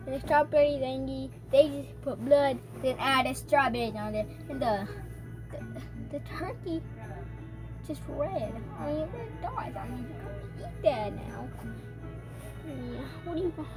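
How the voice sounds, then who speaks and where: High, excitable woman reacting to a horror film. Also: a little slow, over music. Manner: excitable, jumpy, loud startled exclamations. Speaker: video reactor. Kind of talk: casual reaction commentary.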